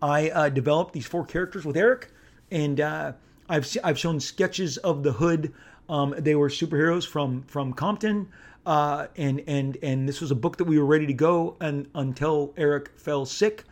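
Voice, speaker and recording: A middle-aged man from Southern California, a comic book artist telling a casual anecdote, animated and rambling, with lots of fillers and restarts. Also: a little high, normal speed.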